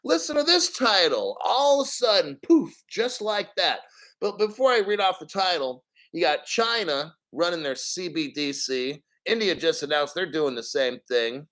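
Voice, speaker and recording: A man's voice: high-pitched, animated, moderate pace, a bit bright, low-quality recording. A man in his fifties hosting a crypto news livestream, ranting in a profane, sarcastic way. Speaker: crypto news show host.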